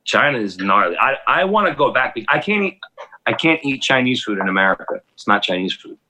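A man in his forties hosting a casual chat, telling long rambling stories full of swearing and excited asides. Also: medium pitch, fairly quick, low-quality recording. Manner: rambling, profane, animated storytelling. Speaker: DJ and podcast host.

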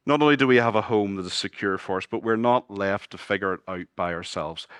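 A man preaching a sermon as pastor, moving between loud exclamations and hushed, low passages and asking his congregation questions. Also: fairly quick, clear, resonant tone, dry recording, studio quality. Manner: asks the congregation questions and jokes with them. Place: church.

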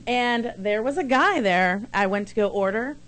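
A woman's voice: a little high, moderate pace, fairly bright tone. Chatty, emphatic female co-host. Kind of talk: casual chat show banter.

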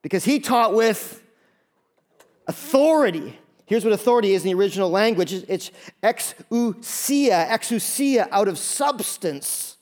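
High-voiced, animated male pastor. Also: moderate pace. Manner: animated, joking, conversational. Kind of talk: sermon. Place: church before a congregation.

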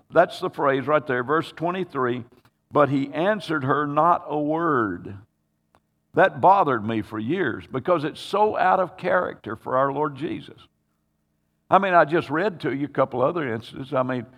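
A man's voice: a little high, creaky, a bit bright. Preacher man in a reverberant hall. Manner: dramatic storytelling, acting out voices in the scripture. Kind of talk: sermon.

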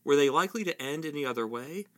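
Young hobbit, light and questioning, read by a man. Lively pitch. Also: quick pace, no echo.

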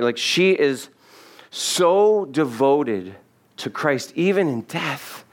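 A man's voice: a little high, fairly bright tone. Man preaching a conversational sermon. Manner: conversational, humorous asides. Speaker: pastor. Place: church sanctuary.

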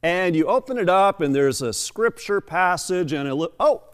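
A middle-aged pastor preaches in a church, his somewhat high voice rising and falling with lively expression. He moves between reading scripture and relaxed, chatty storytelling. The sound rings out with a long hall reverb. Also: normal speed, smooth. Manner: storytelling, chatty asides with fillers. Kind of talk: sermon. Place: church sanctuary.

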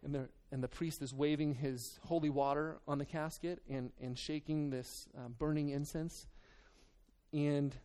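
A man's voice: on the high side, steady tone, measured pace, warm tone. A man preaching a sermon to his church, reading scripture, then talking in a loose, earnest way with many restarts and fillers. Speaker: pastor.

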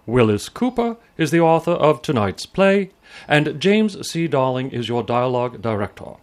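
Man announcing an old-style radio play, formal, lively pitch. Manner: formal and measured. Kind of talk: scripted radio drama announcement.

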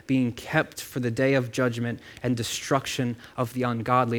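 A pastor preaches a sermon in a loose, conversational way, addressing his listeners directly. His voice is mid-range, and he drifts into asides and repeats words while thinking aloud.

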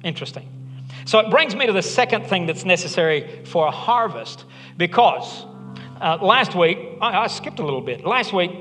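A man's voice: high-pitched, expressive, normal speed, fairly bright tone. A man preaching a sermon as pastor, conversational and earnest with joking asides. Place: church hall. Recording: long hall reverb, faint music.

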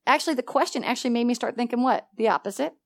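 Woman, Bible study teacher, bright higher voice, lively, laughs easily, acts out dialogue. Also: rapid-fire, gravelly. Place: church meeting room.

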